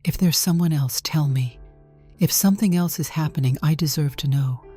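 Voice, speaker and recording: A woman voicing a worried but determined wife who speaks gently and firmly. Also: low-pitched, normal speed, slightly rough, soft background music. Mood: urgent.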